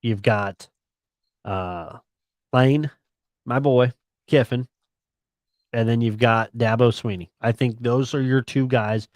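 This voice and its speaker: A man's voice: mid-range voice, slow, pauses often, no room sound. Laid-back man co-hosting sports radio. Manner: laid-back, chatty, slangy. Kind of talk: casual sports talk.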